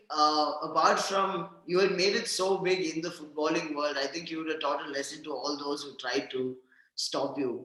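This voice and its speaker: A man with a slightly higher voice puts polite, measured questions to his guest, pausing on small fillers. He sounds like he is in a very echoey room, the reverb strongly coloring every word. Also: fairly bright tone. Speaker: interviewer. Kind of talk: interview questions.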